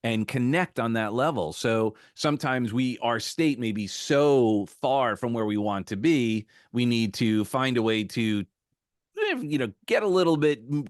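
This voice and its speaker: A man hosting an interview podcast over a video call, musing and telling stories in a relaxed conversational way. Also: mid-range voice, dry recording, studio quality. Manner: reflective, storytelling with acted quotes. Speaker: podcast host.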